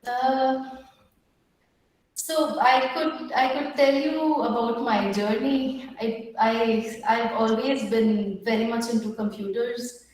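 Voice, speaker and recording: A young woman pitching her startup, a bit nervous, with many filler pauses and restarts. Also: steady tone, a little mellow. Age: young adult. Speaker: startup founder. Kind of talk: pitch at an online women entrepreneurs' meetup. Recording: very echoey room.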